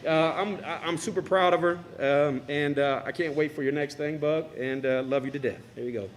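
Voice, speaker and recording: A middle-aged man giving a halting, choked-up tribute speech in a school cafeteria. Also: a little high, fairly even intonation.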